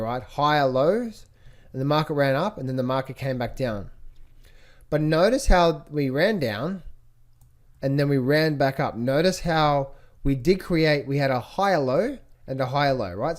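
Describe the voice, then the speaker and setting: A man teaching trading as he walks through charts, repeating key phrases and asking rhetorical questions. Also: medium pitch. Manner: repetitive, rhetorical questions, animated pointing out. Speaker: trading educator. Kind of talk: screen-share chart walkthrough.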